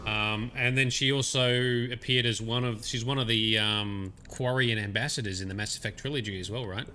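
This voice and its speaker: A man casually commenting on a game he streams, rambling with many pauses and fillers. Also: mid-range voice, steady tone, sharp tone. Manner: chatty, rambling, hesitant. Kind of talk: casual let's-play commentary.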